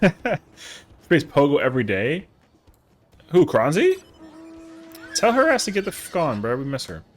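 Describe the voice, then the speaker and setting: A man's voice: a little high, wildly swooping pitch, a little slow, long pauses. A man streaming a game live, chatting casually with viewers in a rambling, slangy way. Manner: rambling, slangy, answers chat.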